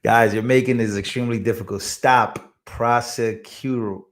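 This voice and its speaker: A man's voice: medium pitch, moderate pace. A man with a Hispanic accent hosting a casual political livestream, chatting with his viewers, laughing at himself and tripping over long words. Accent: Hispanic-accented English.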